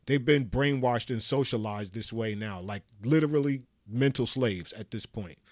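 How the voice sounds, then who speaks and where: A man's voice: medium pitch, moderate pace, a little mellow, no room sound, studio quality. Heated, emphatic man ranting. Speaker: solo commentator. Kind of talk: impassioned monologue.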